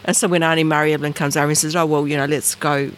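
An Australian woman, an interview guest, telling a personal story in a lively way and acting out the voices and sounds in it. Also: low-pitched, very fast, slight background noise. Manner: animated, acts out voices and sounds.

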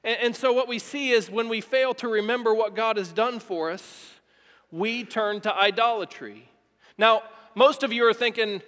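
A man's voice: extremely high pitch, moderate pace, a bit bright, in a large hall. A male pastor giving a heartfelt sermon, speaking earnestly and repeating phrases for emphasis.

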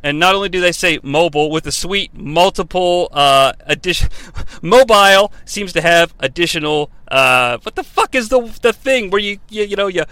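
A man's voice: high voice, lively intonation, normal speed, sharp tone, clean tone, dry recording. An American man hosting a comedic wrestling review show, rambling and profane, with a mock-formal tone. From United States.

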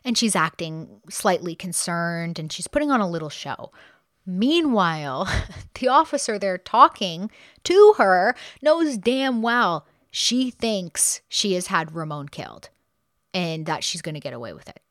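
A woman hosting a podcast, casually retelling a true crime case with quick asides and the odd laugh. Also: on the low side, sing-song, a bit bright, dry recording, studio quality. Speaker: podcast host.

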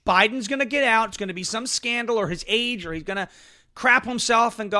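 A man's voice: very high voice, fast, sharp tone. A man hosting a political talk livestream, ranting with a combative, sarcastic edge. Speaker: political talk show host.

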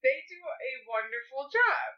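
A woman's voice: high voice, big pitch swings, a little slow, highs cut off. A woman chatting about a movie with her husband, ranting and laughing in exasperation. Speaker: movie reviewer, co-host with husband. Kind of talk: casual movie review chat.

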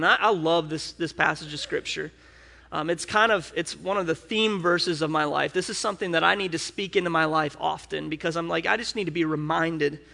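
Man, pastor, conversational sermon, slightly high voice, gravelly, long church reverb. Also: sharp tone. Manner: candid and personal, with frequent restarts and asides.

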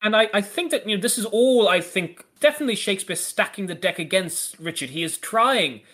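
A man co-hosting a podcast, talking things through in a thoughtful, analytical way and often pausing to restart his sentences. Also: high voice, expressive, sharp tone. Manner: thoughtful, hesitant, with frequent restarts. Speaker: podcast co-host. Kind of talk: casual analytical discussion.

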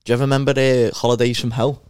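A man's voice: mid-range voice, level tone, racing, darkish tone, clean tone. A man co-hosting a podcast, telling rambling stories in casual chat, swearing freely and laughing often. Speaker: podcast co-host.

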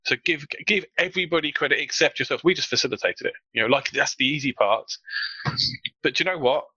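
Brief: man, panel guest, slight frog in throat, bright forceful tone, dry dull lo-fi sound. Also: a little high, fast talker, slightly rough, dry recording. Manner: animated, acts out quoted colleagues. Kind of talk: casual panel discussion.

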